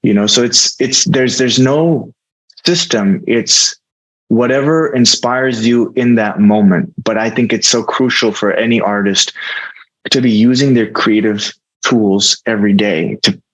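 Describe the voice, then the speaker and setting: A man's voice: medium pitch, unhurried, a bit bright, low-quality recording. A man with an American accent, an actor speaking as a guest in an interview, earnest and reflective, often restarting his sentences. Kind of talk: casual interview talk.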